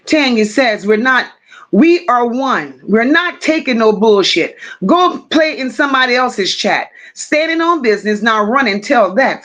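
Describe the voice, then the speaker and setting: A woman hosts a casual livestream in an expressive, unhurried voice that is a little high and a bit bright. Blunt but affectionate, she welcomes viewers, reads their comments aloud, and calls them "my love" and "boo."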